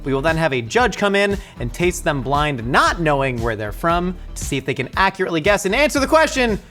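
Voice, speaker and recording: A man hosting a casual, jokey cooking show, excitable and playful, with sudden jumps up in pitch. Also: a little fast, soft background music.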